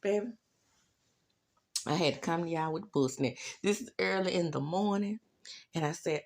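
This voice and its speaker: A woman hosting her own channel, recapping reality TV in a sassy, animated way. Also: fairly low pitch, normal speed, creaky, long pauses. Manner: sassy, animated, says "baby" a lot. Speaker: YouTube recap host.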